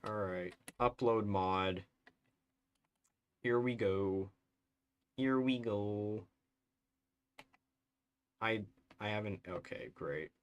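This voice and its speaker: Man, soothing soft voice, low-pitched, unhurried, thinking aloud on a live stream. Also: clean tone. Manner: thinks aloud, mumbling and correcting himself. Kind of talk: casual live-stream commentary while modding a game.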